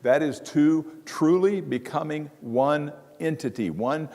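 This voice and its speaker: A man's voice: a little high, slow, warm tone. A middle-aged man preaching a sermon on marriage to a church congregation, telling stories with humor. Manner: conversational storytelling with humor. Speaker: guest preacher. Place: church sanctuary. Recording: long hall reverb.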